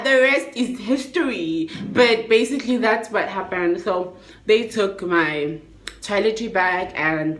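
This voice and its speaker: A young South African woman telling a storytime vlog in a lively way, acting out the people she quotes. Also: roomy sound. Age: young adult. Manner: animated, acts out quoted people in a high voice. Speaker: vlogger.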